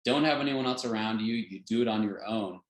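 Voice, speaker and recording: An earnest male instructor gives an informal health lesson in a fairly low voice. He chuckles now and then and restarts his sentences with plenty of fillers. The sound is roomy, with a clear echo. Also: fairly quick. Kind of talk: informal teaching talk.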